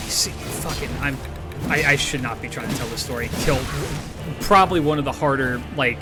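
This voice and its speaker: A man's voice: mid-range voice, normal speed, loud music behind the voice. A man streaming a game while telling a story in a rambling, profane way, full of restarts. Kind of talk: casual storytelling while gaming.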